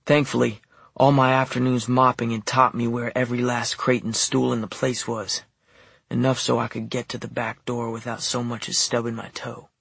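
This audiobook narrator, a man with a deeply gravelly, husky voice, reads a first-person tale at a moderate pace, staying quiet, even, and low-key. His pitch holds flat and level. The dry, close studio recording carries no room sound.

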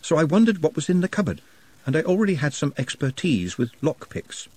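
Guy voicing a super polite calm orc, formal, precise, bit husky. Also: a little high, pitched above the performer's own voice. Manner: precise, formal, quietly measured.

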